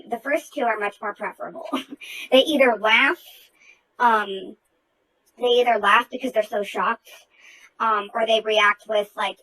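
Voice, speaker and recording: Woman, bright higher voice, heated outspoken storyteller, loose chatty delivery with fillers. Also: rough recording. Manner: outspoken and profane. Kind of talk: casual group chat.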